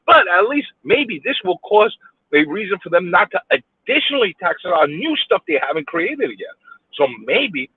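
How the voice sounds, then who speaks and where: Stuck in city traffic, a man with a New York accent rants angrily from behind the wheel, swearing and firing off one rhetorical question after another. His voice is high-pitched, sing-song and slightly rough at a normal speed, and the audio sounds tinny, like a phone.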